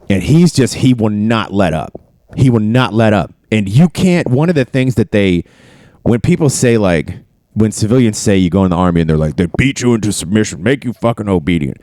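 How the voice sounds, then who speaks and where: A man casually telling stories from his army career, cursing freely and getting animated. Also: lowish voice, dry recording. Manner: profane, animated storytelling. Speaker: podcast host. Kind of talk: casual storytelling chat.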